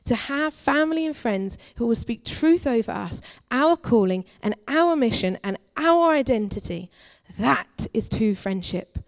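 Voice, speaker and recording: A young adult woman, a guest preacher at a church, giving an earnest, confessional testimony that moves between forceful and hushed. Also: on the high side, gravelly. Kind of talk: personal testimony sermon.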